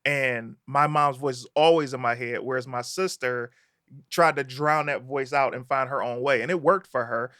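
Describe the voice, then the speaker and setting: A man's voice: mid-range voice, normal speed, sharp tone, no echo, studio quality. A man who is a guest on a podcast, telling personal stories in an emphatic, casual way. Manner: storytelling, emphatic, laughs easily.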